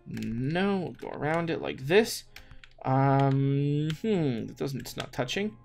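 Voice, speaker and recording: A man narrates his own gameplay, muttering to himself in a mid-pitched voice. He stumbles, repeats himself and breaks into sudden exclamations, while faint music plays underneath. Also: expressive, takes it slowly, creaky, darkish tone. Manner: talks to himself with frequent restarts and exclamations. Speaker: gaming YouTuber. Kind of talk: let's play commentary. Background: faint background music.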